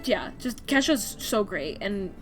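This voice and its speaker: A woman's voice: medium pitch, big pitch swings, takes it slowly. A young woman streaming while she draws, chatting loosely and filling her talk with "like" and restarts. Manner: chatty, rambling, frequent "like" fillers. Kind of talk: casual chat while drawing on stream. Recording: faint music behind the voice.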